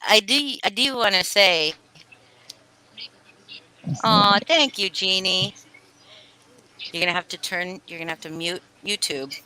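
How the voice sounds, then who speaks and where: A woman's voice: mid-range voice, measured pace, pauses often, sharp tone, clear, resonant tone. A woman hosting a casual livestream, greeting chat names and swearing freely. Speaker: livestream host.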